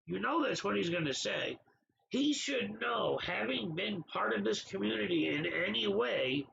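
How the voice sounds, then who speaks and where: A man's voice: high voice, expressive, unhurried, vocal fry, a bit bright, highs cut off. A man hosting a casual livestream, talking back to viewers in the chat by name in an exasperated way. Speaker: livestream host.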